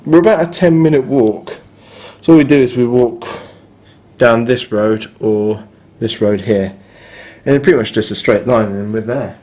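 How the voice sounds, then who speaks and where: A man's voice: mid-range voice, normal speed, darkish tone. A man, filming a casual spoken review of his hotel room and grumbling bluntly about its faults.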